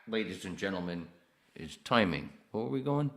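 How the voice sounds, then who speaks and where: A man with a very deep voice and a gravelly edge talks loosely through a solo podcast. His tone is bright and forceful even at that low pitch. He rambles, swears freely and reads out comments from his chat. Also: normal speed. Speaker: podcast host. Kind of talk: casual solo livestream chat.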